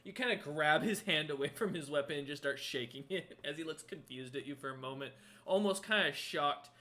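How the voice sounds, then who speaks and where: A man's voice: fairly high pitch, fairly quick, bright, forceful tone. A man narrating as game master of a tabletop role-playing game, rambling with many ums and self-corrections.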